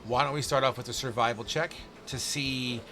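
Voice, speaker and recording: A man's voice: mid-range voice, steady tone, normal speed, pushed and bright, a little hiss or hum. Casual man running a tabletop game. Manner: casual, swearing, thinks aloud over numbers. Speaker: game master.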